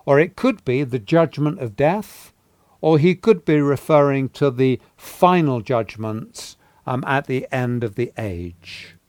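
A male preacher teaches through scripture at an unhurried pace, a mid-pitched voice recorded close and dry. He pauses with small fillers and then presses key words with rising force. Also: lively intonation, darkish tone, dry recording. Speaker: preacher teaching on a Bible letter. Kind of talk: sermon.

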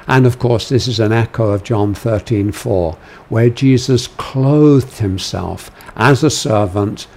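A man teaching a lecture on a biblical book, measured and full of "uh" fillers. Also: medium pitch, a little mellow. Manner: gives quoted commands with raised force. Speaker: Bible teacher.

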